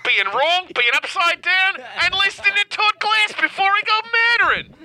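A man voicing a giddy male Australian fan, in a mock Australian accent, squeaky and giggling. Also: lively intonation, normal speed, a crowd in the background. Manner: squeaky, giggly, sing-song.

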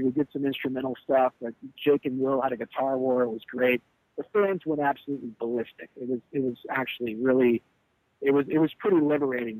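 With a mid-range voice, a band leader candidly tells an interviewer a heated, profane story of a bandmate who walked out on a show. He's animated and acts out what people said. The recording has no echo but is rough.

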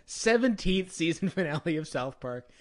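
A man's voice: fairly high pitch, expressive, moderate pace. A man co-hosting a TV podcast, chatting casually with a wry, laughing manner. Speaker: podcast co-host. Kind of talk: casual TV review chat.

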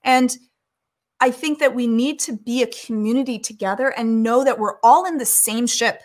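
A woman giving calm, earnest advice in a conversation, acting out the things people say to each other. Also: on the high side, moderate pace. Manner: calm, earnest, acts out quoted speech.

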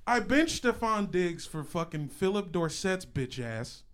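A man co-hosting a casual sports podcast, ranting in exasperation and swinging from low mutters to loud, swearing outbursts. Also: sing-song, a little slow, clear, resonant tone. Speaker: co-host, Washington football fan.

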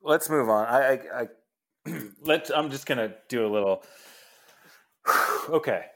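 A man with an ordinary middle-pitched voice runs a loose comedy podcast. He laughs a lot and restarts his sentences as he goes. His tone stays casual. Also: lively intonation, fairly bright tone. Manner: laughing, halting, self-interrupting. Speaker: podcast host.

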